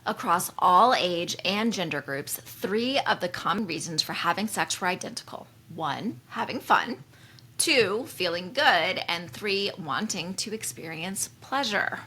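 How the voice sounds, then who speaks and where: A woman in her forties co-hosting a podcast in casual chat, bubbly and quick to cheer. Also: on the low side, expressive, bright, forceful tone, husky. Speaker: podcast co-host.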